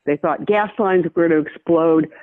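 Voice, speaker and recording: An older woman from the Midwest, a veteran journalist, telling a personal story in an interview in a measured, reflective way, often restarting her sentences. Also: low-pitched. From American Midwest. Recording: tinny phone line.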